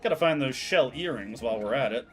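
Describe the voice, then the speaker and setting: A man streaming a video game, chatty and quick to laugh as he comments on the game. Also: medium pitch, expressive, a bit bright, faint music behind. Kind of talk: game commentary while reading dialogue aloud.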